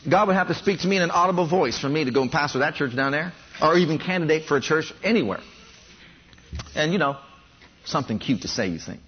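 Male preacher, fairly high husky voice, animated storytelling from the pulpit, slightly dull recording. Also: fast talker. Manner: animated storytelling, addresses congregation directly. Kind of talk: sermon.

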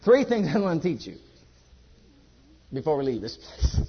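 A man preaching a sermon at a church service. He repeats his exhortations emphatically and drops to a hush. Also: fairly high pitch, very animated, moderate pace, breathy edge, muffled recording.

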